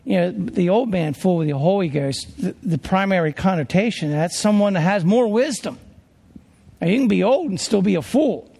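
Gravelly high-voiced pastor in a hall. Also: male voice, expressive, moderate pace, mellow. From Pennsylvania. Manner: earnest, conversational, with restarts. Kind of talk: sermon storytelling.

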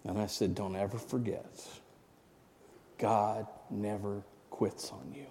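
A man in his sixties preaches in a mellow, low-pitched voice and tells a personal story as if chatting with his listeners. He keeps checking in with the congregation for an amen. His voice rings out with a long reverb, as in a church sanctuary. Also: measured pace, a little hiss or hum. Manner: conversational, asks the congregation for amens. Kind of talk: sermon storytelling.

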